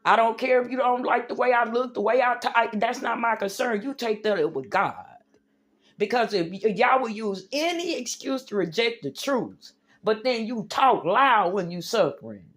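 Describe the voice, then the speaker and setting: A woman with a slightly high voice delivers a fervent religious rant straight to her livestream viewers. She preaches with emphasis, calling her audience y'all and baby. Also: animated, normal speed.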